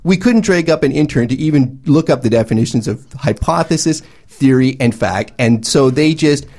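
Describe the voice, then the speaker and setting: A man's voice: medium pitch, lively intonation, moderate pace, a little mellow. A man ranting emphatically and sarcastically as a panelist in a discussion.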